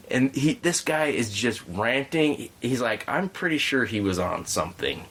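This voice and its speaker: A man hosting a podcast, telling a story in a relaxed, rambling way with frequent restarts. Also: medium pitch, moderate pace, hardly any pauses, husky. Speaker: podcast host. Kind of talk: casual storytelling chat.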